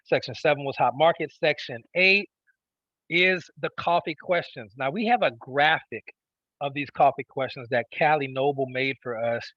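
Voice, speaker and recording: A man's voice: on the high side, moderate pace, dry recording, dull audio. A man teaching a sales training class, emphatic and repetitive, often checking in with his listeners. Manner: emphatic, repeats key phrases, checks in with "okay?". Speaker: network marketing trainer. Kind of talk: instructional talk.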